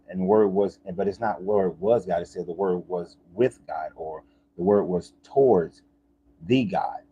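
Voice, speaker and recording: A man's voice: deep voice, mellow, highs cut off, a little hiss or hum. A man talking in a casual, rambling monologue, often restarting and repeating himself, as a life coach.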